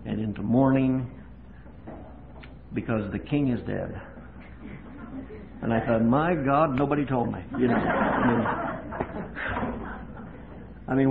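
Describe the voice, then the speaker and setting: A man preaching a sermon in a folksy storytelling way, moving from quiet chat to loud, fervent preaching. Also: medium pitch, creaky. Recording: tinny lo-fi tape with faint hiss.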